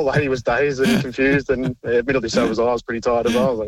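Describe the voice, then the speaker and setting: Fast-talking man calling in. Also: medium pitch, fairly even intonation, no room sound, low-quality recording. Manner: rambling storyteller, amused. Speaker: caller. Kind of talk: casual phone call to radio show.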